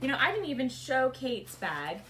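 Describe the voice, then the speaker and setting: Gushing mom host, slightly high voice. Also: female voice, very animated, normal speed, a bit bright, slight background noise. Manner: gushing, exclamatory, easily moved. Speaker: mother and channel host. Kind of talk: casual unboxing chat with her kids.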